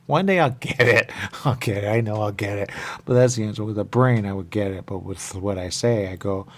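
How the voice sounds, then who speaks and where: A man's voice: lowish voice, brisk. A man hosting a radio show, talking in a rambling, repetitive monologue that keeps circling back with small chuckles.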